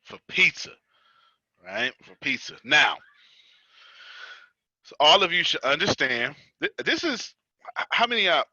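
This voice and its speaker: An American man with a very bright, ringing voice coaches a group in a loose, teasing chat, laughing often and circling back over his own lines. The sound is dry and a little dull, like a lo-fi video call. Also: a little high, unhurried, long pauses, no room sound. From United States. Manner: lively, teasing, laughs often, repeats himself. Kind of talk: casual teaching chat.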